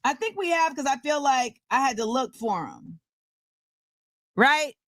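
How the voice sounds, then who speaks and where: A woman's voice: high voice, very animated, measured pace, fairly bright tone, no room sound, clean studio sound. A woman hosting a casual livestream show, playful and sing-song, reading out where viewers are watching from. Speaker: host.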